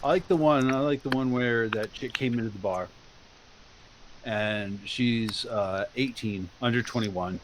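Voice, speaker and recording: A man's voice: mid-range voice, measured pace, background noise. A man chatting casually with friends, teasing and animatedly retelling shared stories.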